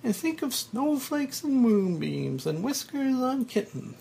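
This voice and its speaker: Man playing a sugary fairy woman, delicate British accent, falsetto, gentle scolding, script reading. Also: big pitch swings, measured pace, gravelly, a little hiss or hum, full character voice. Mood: sweet. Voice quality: sing-song falsetto. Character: sweet, chirpy female fairy spirit.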